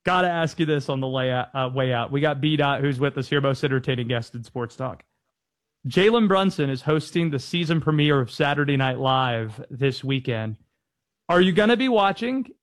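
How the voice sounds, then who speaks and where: A man's voice: mid-range voice, no room sound. A man hosting a sports talk radio show, easygoing and curious, bantering and laughing easily with guests.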